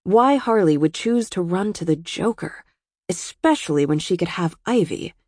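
A woman narrates an audiobook in an even, steady reading. Her voice is low, husky and gravelly, recorded close and dry. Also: normal speed, dry recording. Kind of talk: scripted narration.

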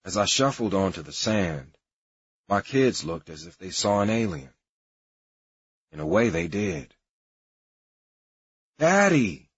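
A man's voice: low-pitched, expressive, unhurried, pauses often, husky, no room sound. A man narrating his own life story in a confessional, profane way. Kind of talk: memoir narration mixed with archival comedy clips. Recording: dull lo-fi recording.

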